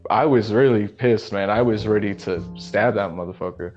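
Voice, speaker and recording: A young man co-hosting a podcast, telling a long personal story in a relaxed, profane way, with lots of "man" and "you know". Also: on the low side, normal speed. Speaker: podcast co-host. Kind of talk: casual storytelling chat. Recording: slightly muffled lo-fi audio with faint music.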